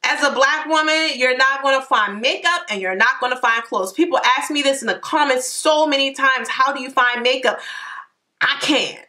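Woman, vlogger, high voice, sassy, slangy, emphatic storytelling. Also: normal speed, few pauses, sharp tone. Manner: emphatic, with laughing asides. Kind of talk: casual storytelling to camera.

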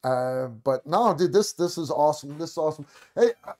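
A man's voice: fairly high pitch, animated, a little fast, darkish tone, a little hiss or hum. A man from the United States hosting a casual chat, telling stories animatedly with frequent restarts. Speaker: podcast host.

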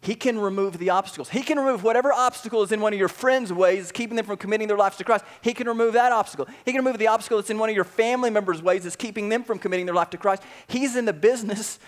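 A male pastor with a high-set voice preaching in a relaxed, chatty style. He retells scripture like a campfire story, full of slang and asides. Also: racing, few pauses. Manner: casual, animated storytelling with slang. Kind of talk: sermon.

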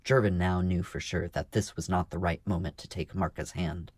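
A man narrating a fantasy novel as an audiobook, in a steady, even storytelling manner. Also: low voice, moderate pace, no room sound. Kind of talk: scripted narration.

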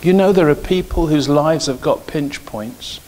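A man's voice: on the high side, measured pace, darkish tone. A middle-aged man preaching a sermon in a church, mixing personal stories with emphatic, rising exhortation. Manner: storytelling, grows emphatic and preachy. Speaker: pastor.

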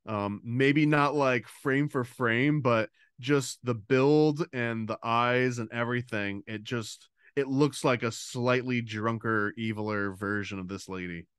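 Clear-voiced man chatting casually. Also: mid-range voice, measured pace, few pauses, fairly bright tone, no echo, studio quality. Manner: conversational, talkative with restarts. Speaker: podcast co-host. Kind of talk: casual chat.

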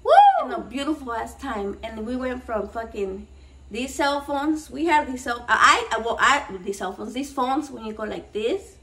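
A woman in her thirties with a high voice, rambling excitably to her viewers and swearing freely. She slips Spanish slang into her English and sounds a bit shaky. She sits a step back from the mic. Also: normal speed, recorded from a distance, poor audio. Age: 30s. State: a little shaky and nervous. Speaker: cooking vlog host. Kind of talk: casual rambling chat to camera.

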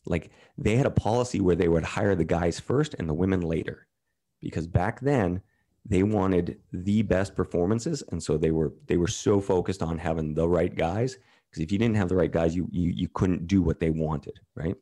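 A man's voice: low-pitched, moderate pace, warm tone. A man guest on a talk podcast, telling candid, profane stories and acting out what others said to him. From Canada. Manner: candid, profane, retells quotes in others' voices. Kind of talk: casual storytelling.

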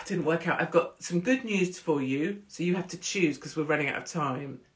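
A woman's voice: deep voice, moderate pace. A woman hosting a casual livestream, chatty and rambling, swearing freely. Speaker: host.

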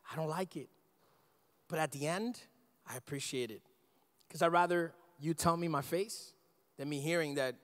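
A man in his thirties preaching to his congregation, his voice pitched high for a man. He talks in an animated, conversational way, often turning to the crowd with questions. The sound rings out with the long reverb of a church sanctuary. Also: moderate pace, pauses often. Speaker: pastor. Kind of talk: sermon.

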